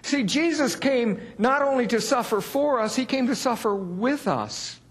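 A man's voice: very high voice, animated, a little slow. A man preaching a sermon in a folksy, candid way, poking fun at himself and raising his voice to stress key words. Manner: folksy, candid and self-deprecating; builds to raised emphasis on key words.

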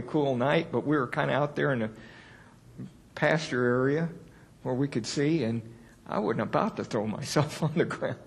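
A man preaching a sermon in a folksy, candid way, poking fun at himself and raising his voice to stress key words. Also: on the high side. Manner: folksy, candid and self-deprecating; builds to raised emphasis on key words.

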